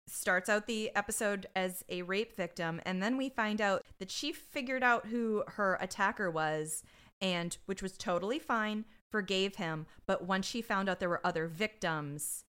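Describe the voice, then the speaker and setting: A woman's voice: mid-range voice, bright, forceful tone, clear, resonant tone. A woman co-hosting a podcast in casual chat, blunt and profane, retelling scenes with acted-out quotes. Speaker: podcast co-host.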